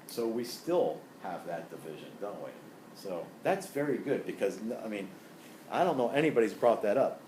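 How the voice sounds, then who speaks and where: A man's voice: fairly low pitch, big pitch swings, moderate pace, a little mellow, a little hiss or hum. A man giving a classroom lecture in a conversational way, often checking in with tag questions and asides. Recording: echoey room, faint ambience.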